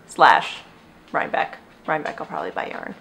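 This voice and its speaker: A woman's voice: sits low, big pitch swings, a little fast, vocal fry, fairly bright tone, a little hiss or hum. A young woman hosting a knitting podcast at home, chatting casually and rambling, often breaking off to talk to her dog. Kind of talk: casual chat. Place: at home with dogs.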